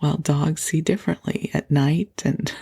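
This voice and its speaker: A middle-aged woman hosting a podcast, gently telling a personal story at bedtime, with soft laughs and passages that drop into a whisper. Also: sits low, steady tone, unhurried. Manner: gentle and breathy, laughs softly, slips into whispers. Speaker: podcast host.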